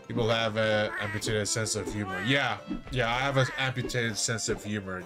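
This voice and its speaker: This game streamer has a fairly low, steady voice, speaking at normal speed with few pauses over background music. He chats with his audience in a loose, rambling way, mocking himself and laughing a lot.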